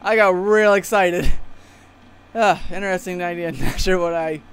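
A man giving casual let's-play commentary, excitable and crude, jumping from mumbled asides to loud joking outbursts. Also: high voice, measured pace, gravelly, clear, resonant tone. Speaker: gaming video host.

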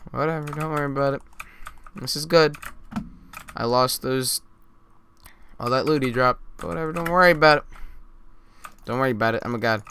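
A man talks through a live game with a bright, sharp voice, bragging in jest and muttering to himself between loud outbursts. Faint keyboard clicks and typing sit behind him. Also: medium pitch, moderate pace, pauses often, a little hiss or hum. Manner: mock-boastful, jokey self-talk with sudden loud outbursts. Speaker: gaming YouTuber. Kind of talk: live gameplay commentary.

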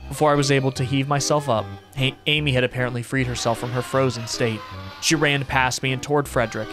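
Male streamer, mid-pitched voice, reading a horror game's story aloud, game music playing underneath. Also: fairly even intonation, fast. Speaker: gaming streamer.

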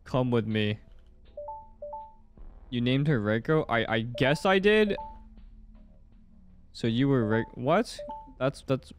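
Playing a horror game, a young man keeps up nervous commentary, muttering to himself and occasionally cursing, with soft music in the background. His medium-pitched voice is lively in intonation but slow, broken up by long pauses.

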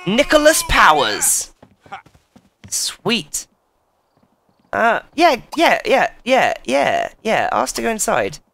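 Man, game commentary, pitch bouncing all over, excitable and sweary. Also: slow, gravelly, a little hiss or hum. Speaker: gaming YouTuber. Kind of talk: casual let's play commentary.

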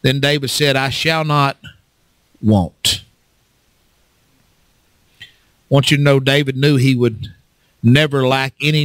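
Fervent high-voiced preacher man. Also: no room sound. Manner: fervent, rises to shouts, call and response. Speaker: pastor. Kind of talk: sermon.

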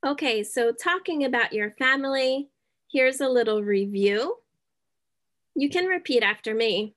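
A woman teaching a beginner English lesson, speaking deliberately, checking in often and dropping in Spanish words. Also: sits high, lively intonation, a bit bright. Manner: slow, deliberate, checks in with "okay?".

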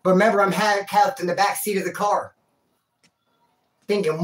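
A man's voice: high voice, fairly even intonation, normal speed, a little hiss or hum. A man telling a rambling personal story in a casual, slangy way, calling the listener dude and bro. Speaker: vlogger telling a prison and life story.

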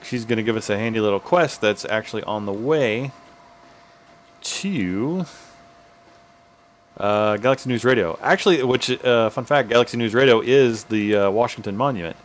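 A man casually commentating while playing a video game, jokey and thinking out loud. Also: on the low side, moderate pace. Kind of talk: let's play commentary.

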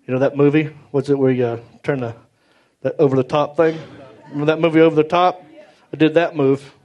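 A man telling an animated stand-up story on stage, acting out other people in big voices. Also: fairly high pitch, a little fast, highs cut off. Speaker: stand-up comedian. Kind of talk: stand-up comedy set. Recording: live club recording, roomy, loud crowd. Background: audience laughter.

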